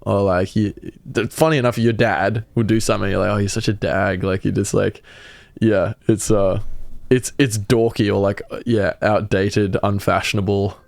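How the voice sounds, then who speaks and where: Young aussie guy, low-ish voice, chill and sweary, dry close mic. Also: fairly even intonation, normal speed, gravelly, a little mellow, dry recording. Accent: Australian. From Australia. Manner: laid-back, swears casually, laughs often. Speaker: podcast guest explaining slang. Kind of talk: casual chat.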